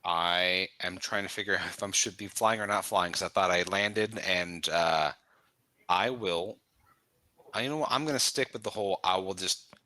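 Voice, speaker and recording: A man takes his turn in a tabletop game, thinking out loud in a playful, rambling way. His voice is bright and forward. The recording is dry and close, with no room sound. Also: deep voice, moderate pace, dry recording. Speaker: player.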